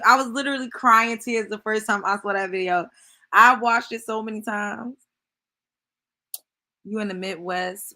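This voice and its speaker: Woman hosting a live stream, talks blunt and cusses a lot, bright mid-range voice. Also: mid-range voice. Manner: blunt, profane, laughs often. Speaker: show host. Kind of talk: live-stream reaction commentary.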